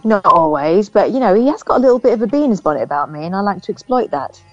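A woman's voice: medium pitch, animated, fast talker, no room sound, faint music behind. A woman co-hosting a radio show, reading out news stories with dry, sarcastic asides. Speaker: radio co-host. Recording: muffled radio studio sound.

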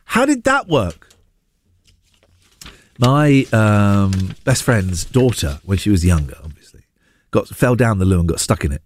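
A man's voice: mid-range voice, sing-song, measured pace, long pauses, a little mellow, no room sound, studio quality. A man hosting a radio phone-in, chatting casually with callers in a jokey, sarcastic, self-mocking way. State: getting a sore throat. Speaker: radio host. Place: radio studio. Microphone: studio microphone.

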